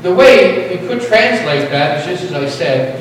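A man preaching a sermon with a fairly high voice, leaning hard on repeated phrases for emphasis. He is recorded from a distance in a church sanctuary, with long ringing reverb and a faint hiss of room noise underneath. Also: animated, a little slow. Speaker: pastor. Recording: echoey hall from far off.

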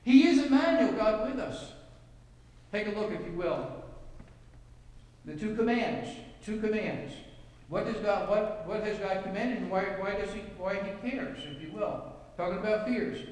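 High-voiced preacher in an echoey hall. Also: male voice, moderate pace. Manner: preaching with scripture readings, anecdotes and rhetorical questions. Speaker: pastor. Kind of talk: sermon. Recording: echoey hall, mic from far off.

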